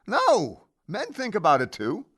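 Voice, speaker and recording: A man's voice: high-pitched, wildly swooping pitch, a little slow, a bit bright, breathy edge, full character voice. An actor in his thirties playing an earnest, slightly defensive young groom.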